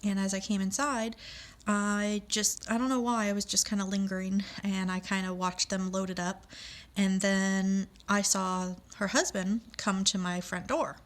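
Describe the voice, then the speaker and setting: A woman's voice: medium pitch, little pitch movement, a little slow. A middle-aged woman telling a personal story with feeling, acting out the voices of the people she quotes.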